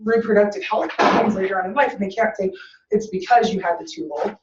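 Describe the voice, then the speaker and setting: Animated woman telling a story from afar. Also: mid-range voice, fast. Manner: animated storyteller, acting out dialogue. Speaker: student. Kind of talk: personal story in class. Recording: dull, roomy, from a distant mic.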